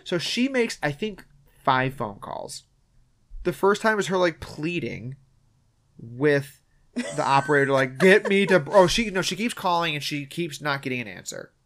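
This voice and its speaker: A man hosting a podcast, recapping a film in casual chat with a wry, profane manner and quick acted-out quotes. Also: on the high side, expressive, a bit bright. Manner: wry, swears, acts out quoted lines. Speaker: podcast host.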